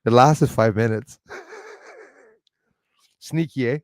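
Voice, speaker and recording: A man in mid pitch hosts a live stream, talking loosely and chatting with his viewers. He rambles, laughs often and trails off mid-thought. His voice is close and dry, with no room echo. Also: huge pitch swings, extremely slow, a little mellow. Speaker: livestream host reading chat. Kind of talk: rambling casual live chat.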